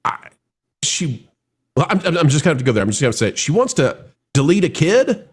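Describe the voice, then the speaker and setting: A man hosting a live film review show, talking in an animated, rambling way with frequent restarts. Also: fairly high pitch, a little fast, husky.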